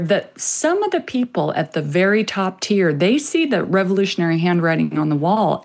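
A woman speaking as a guest commentator in a panel discussion, passionate and impassioned, rushing ahead in bursts. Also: fairly low pitch.

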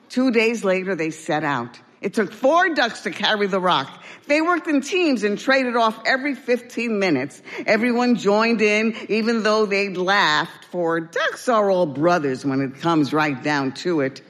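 A woman, an actor, reading a story aloud in a slow, gentle and expressive way. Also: mid-range voice, long reverb tail.

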